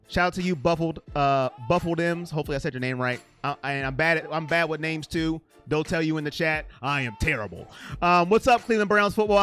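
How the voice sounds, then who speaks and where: A man hosting a casual live stream chat, rambling excitably and reading viewer comments aloud. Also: a little high, clear, resonant tone.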